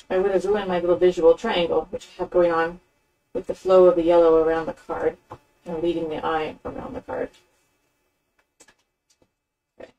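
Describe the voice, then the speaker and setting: A woman's voice: lowish voice, mellow, recorded from a distance, rough recording. Chatty woman demonstrating crafts, off-mic. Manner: chatty, rambling with fillers, narrating her hands-on work. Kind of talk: casual craft tutorial. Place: craft table indoors.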